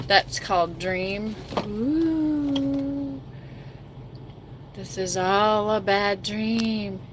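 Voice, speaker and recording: A woman's voice: mid-range voice, very slow, noisy background. A middle-aged woman trucker hosting a casual livestream chat, self-mocking and reading viewer comments aloud.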